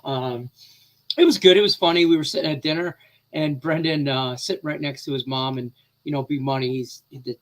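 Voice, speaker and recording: A man's voice: a little high, a bit bright. A man in his thirties co-hosting a casual show, telling a family story in a rambling way with fillers, laughs and swearing. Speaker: co-host.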